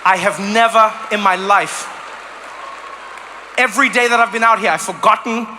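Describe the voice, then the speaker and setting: A man from Africa, doing a stand-up comedy set with animated storytelling that slips into mock voices. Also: high voice, normal speed, crowd noise, noisy background. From South Africa.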